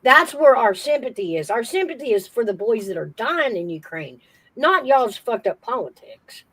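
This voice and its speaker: Woman co-host, slightly high voice, opinionated, forceful casual chat. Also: sing-song, moderate pace, poor audio. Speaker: podcast co-host.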